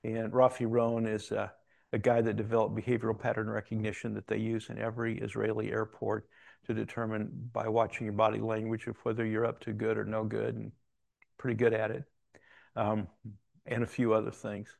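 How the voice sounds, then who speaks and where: A man's voice: fairly low pitch, completely flat delivery, fairly quick, gravelly, darkish tone, no echo. A man telling a personal story in a conversational, rambling way, with restarts and quoted dialogue. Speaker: Christian speaker telling a story.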